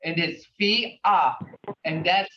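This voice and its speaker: A patient woman teacher talks at a very unhurried pace, sounding each word out letter by letter and repeating it. She sits far from the mic in an echoey room. The sound is dull and carries a faint hiss. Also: on the low side. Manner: spells out sounds letter by letter, repeats words slowly. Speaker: language teacher. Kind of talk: slow, patient classroom teaching. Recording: far, roomy, dull, faintly noisy classroom recording.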